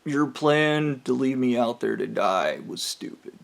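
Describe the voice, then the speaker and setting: A man's voice: medium pitch, animated, unhurried, vocal fry. A man ranting bitterly in a rambling personal monologue, swearing often and mocking the people he blames. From United States. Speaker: vlogger. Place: trailer park home.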